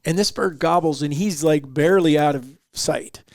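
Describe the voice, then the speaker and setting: A man's voice: on the high side, moderate pace, no room sound, clean studio sound. A man hosting a hunting podcast, telling a casual story and acting out the quotes. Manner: animated, acts out quotes in the story. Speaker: podcast host.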